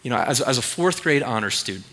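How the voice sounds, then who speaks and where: A man's voice: medium pitch, lively intonation, fast talker, big-room sound, background noise, voice pushed down, natural voice. Man doing an earnest fourth-grade boy. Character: fourth-grade boy, overly responsible and polite.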